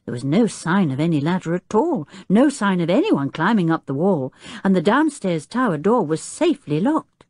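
Woman narrator for a kids' audiobook, low-pitched, lively, husky and dry. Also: normal speed, dry recording. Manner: expressive, suspenseful reading. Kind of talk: scripted story narration.

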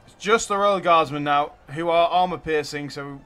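Guy doing let's play commentary, hypes up his troops, kinda high and sharp voice. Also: moderate pace, clean tone. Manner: excitable, cheering units on. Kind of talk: live gameplay commentary.

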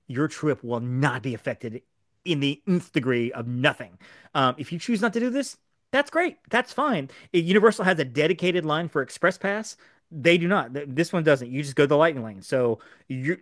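Fast-talking man on a podcast. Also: fairly high pitch, dry recording, studio quality. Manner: fast, animated explainer with many fillers. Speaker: podcast co-host. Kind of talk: casual podcast chat. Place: podcast studio.

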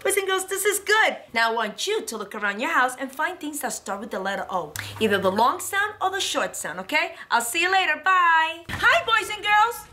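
A woman's voice: extremely high pitch, sing-song, moderate pace, hardly any pauses, bright, forceful tone, slight background noise. A woman teaching a preschool lesson to young children, in a cheerful sing-song way.

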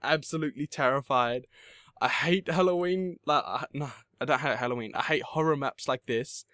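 A man's voice: mid-range voice, normal speed, bright, forceful tone, no room sound. Australian teen boy, nervy let's-play commentator, dry close sound. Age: teens. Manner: jittery, gasping, repeats phrases. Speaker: gaming YouTuber.

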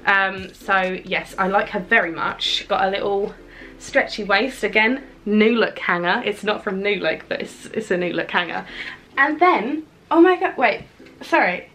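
A woman, chatting excitedly and casually through a clothing haul, swearing now and then. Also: mid-range voice, normal speed. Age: 20s. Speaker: fashion vlogger.

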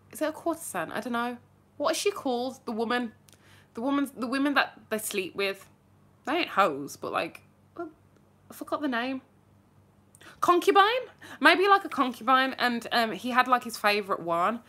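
A woman, chatting casually and rambling through viewer questions in a vlog. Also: mid-range voice. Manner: chatty, rambling, lively asides. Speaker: vlogger answering viewer questions. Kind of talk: casual chat.

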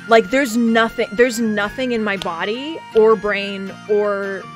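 Woman streamer running an rpg, chatty, animated, makes fun of herself. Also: medium pitch, slow, faint music behind. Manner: laughing, self-deprecating, animated. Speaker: streamer and game master. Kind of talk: casual chat.

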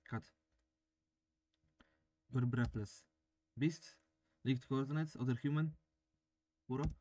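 Guy playing a game and reading the text out loud, average voice, kinda jokey. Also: mid-range voice, steady tone, slow pace, long pauses, no room sound. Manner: reads game text aloud and jokes with himself. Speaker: let's play gamer. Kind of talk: casual game commentary, reading on-screen text aloud.

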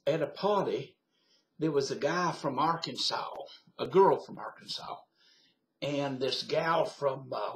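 Slow folksy older Southern man. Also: medium pitch, fairly bright tone. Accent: Southern American (Virginia). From Virginia. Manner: folksy, rambling, laughs at own memories. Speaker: vlogger telling a story. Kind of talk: casual storytelling to webcam. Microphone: webcam. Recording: echoey room via webcam.

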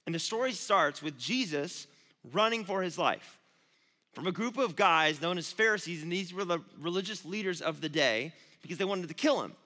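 A youth pastor preaching in a casual, storytelling way with animated asides. His voice is high and bright. A long reverb from the large auditorium hangs behind every phrase. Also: normal speed. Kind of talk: youth sermon.

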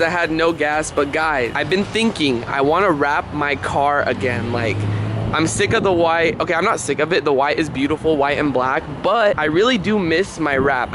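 A young man vlogging to his camera in an excitable, chatty way, full of "like" and "guys". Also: high voice. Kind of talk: casual vlog talk to camera.

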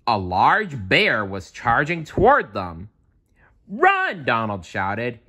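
A man reading a children's bedtime storybook aloud. His delivery is calm and measured, unhurried in pace. His pitch moves in lively swings of medium height. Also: slightly rough. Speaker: storybook reader.

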